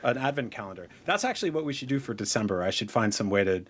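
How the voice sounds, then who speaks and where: A man hosting a podcast, riffing in a jokey, deadpan way in casual chat. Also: fairly low pitch, quick pace. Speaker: podcast host.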